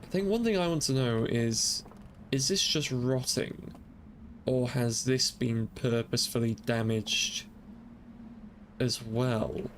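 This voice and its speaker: A gaming streamer thinks aloud as he plays through a game, earnestly and emotionally asking one question after another in let's play commentary. His voice is medium-pitched and he speaks slowly, with background noise audible.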